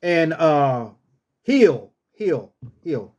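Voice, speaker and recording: A man tells a casual story, his voice high and swinging widely in pitch. He talks slowly and loosely, then barks each command roughly like a drill sergeant. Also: very animated, darkish tone. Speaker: storyteller host.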